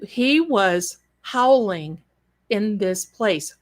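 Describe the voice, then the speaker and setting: Lady telling ghost stories live, slow and dramatic, chatty like she's talking to her darlings. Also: mid-range voice, lively intonation. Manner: chatty, dramatic, folksy, addresses listeners as darlings. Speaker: paranormal storyteller on a live show. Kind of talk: live spooky storytelling.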